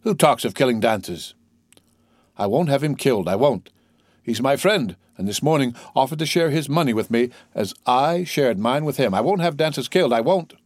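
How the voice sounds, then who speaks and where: A man voicing a drunken, garrulous male tailor who slurs and toasts loudly, in a storybook reading. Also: mid-range voice, expressive, normal speed, no echo, clean studio sound, pitched above the performer's own voice, natural voice. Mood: drunken insistence.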